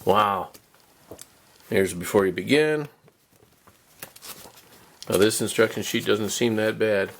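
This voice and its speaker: A man's voice: fairly low pitch, animated, takes it slowly, vocal fry, long pauses, background noise. A man casually narrating a model car kit unboxing, chatty and rambling, with self-deprecating chuckles.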